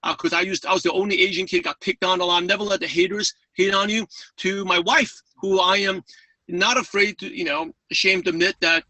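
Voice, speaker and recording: A man from New York with a New York accent and a lisp, talking fast and eagerly as a guest speaker on a webinar call. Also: sits high, fairly even intonation, sharp tone, dry recording, recorded from a distance, poor audio. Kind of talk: webinar talk.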